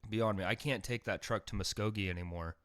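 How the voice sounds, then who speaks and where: A man tells a comic story in a lowish, dry voice. His delivery is deadpan, and then he suddenly bursts out loud. The sound is close and dead, with no room echo. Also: fairly quick. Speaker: podcast host. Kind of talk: comedic monologue.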